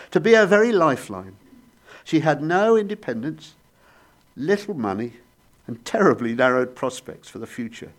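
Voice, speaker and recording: A man preaching a sermon, telling stories with sudden rises and soft, hushed drops. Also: medium pitch.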